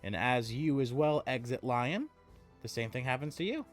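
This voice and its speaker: A man's voice: medium pitch, animated, normal speed, faint music behind. A man narrating a tabletop game as game master. He describes scenes in detail and often restarts his sentences. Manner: descriptive with frequent restarts and laughter.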